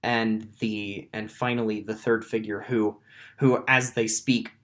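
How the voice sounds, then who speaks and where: Brief: male game master, slow, halting narration, mid pitch. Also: flat delivery, fairly bright tone. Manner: halting, many restarts and ums. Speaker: dungeon master.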